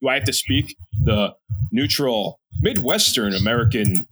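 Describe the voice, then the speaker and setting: A man with a Philadelphia accent rants loudly and profanely while co-hosting a casual podcast. His voice is bright and pushed forward. His pitch swings widely as he gets worked up. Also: lively intonation, moderate pace, breathy edge. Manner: loud, profane, ranting. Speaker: podcast co-host; teacher. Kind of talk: casual chat.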